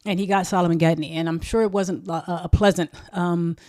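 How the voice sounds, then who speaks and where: Woman storyteller, lower register, quick animated delivery with repeated words. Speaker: history storyteller. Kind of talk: casual spoken storytelling.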